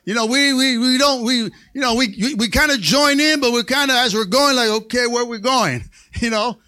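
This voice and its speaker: A man preaching a Pentecostal sermon in a church. He calls for amens and rises to excited shouts. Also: extremely high pitch, moderate pace. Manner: call-and-response preaching, asks for amens. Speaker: pastor. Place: church sanctuary.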